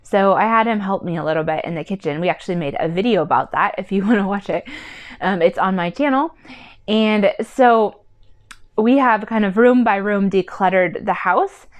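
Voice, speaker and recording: In a recording with the highs cut off, a woman speaks at normal speed in a mid-range voice about decluttering as a mother. Her casual vlog talk rambles with lots of "like" and "um," earnest throughout.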